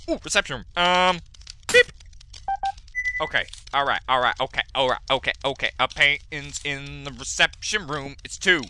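An excitable man narrates his own gameplay with a very animated, swooping pitch. His voice has a piercing, sharp edge. He chats to the characters on screen and yelps and curses when things go wrong. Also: normal speed, slight background noise. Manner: excitable, yelping and cursing at the game; talks to himself and the characters on screen. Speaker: gaming video host. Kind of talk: let's play commentary.

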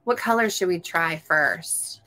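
A woman's voice: fairly low pitch, animated, measured pace, bright, forceful tone. A woman reading a picture book aloud to a young child, coaxing him with questions and breaking into gasps and exclamations. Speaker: storytime host.

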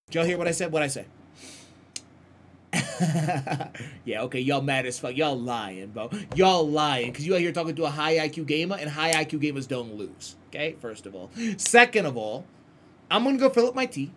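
A man's voice: a little high, very animated, normal speed, pauses often, fairly bright tone, slight background noise. A man streaming a horror game live, bantering with chat in a hyped, profane, teasing way.

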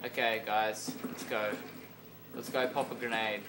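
A man's voice: fairly low pitch, level tone, unhurried. A man giving casual, joking commentary on his own gameplay, rambling and bantering with viewers. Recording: loud game noise behind.

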